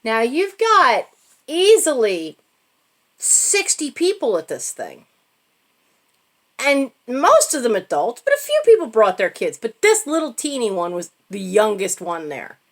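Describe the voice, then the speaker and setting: A woman's voice: fairly high pitch, wildly swooping pitch, a little slow. A middle-aged woman telling a comic holiday story to her channel in a casual, self-mocking way, laughing as she goes. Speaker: channel host.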